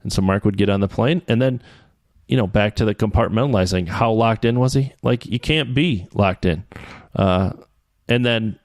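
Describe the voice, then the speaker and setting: Man, lowish voice, dry sound, lively storyteller acting out quotes. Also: moderate pace, dry recording. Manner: animated storyteller, quoting others. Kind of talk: casual podcast chat.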